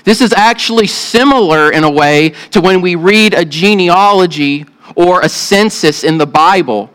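A man's voice: high-pitched, moderate pace, fairly bright tone, low-quality recording. A man with a Southern US accent, a pastor preaching earnestly and asking the congregation questions. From Southern United States. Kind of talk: sermon with opening prayer.

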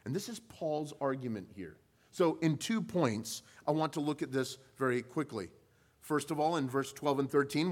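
A male pastor preaching a sermon, pushing his voice up for emphasis with rhetorical questions, then dropping low and quiet. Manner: rises in pitch and volume for emphasis, then drops low.

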